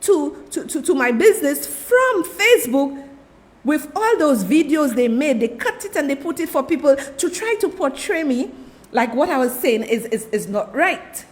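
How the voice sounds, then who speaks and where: A woman's voice: high-pitched, animated, moderate pace. Fiery Saint Lucian woman host. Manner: impassioned, repeats "let me tell you", addresses the audience as "people". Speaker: political talk show host. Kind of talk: fiery political commentary.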